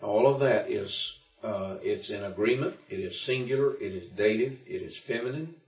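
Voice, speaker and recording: A man's voice: fairly low pitch, moderate pace, faint music behind. Man teaching Greek, recorded from afar. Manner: thinks aloud with frequent restarts, explaining patiently. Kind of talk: informal classroom lesson. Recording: muffled and roomy, from far off.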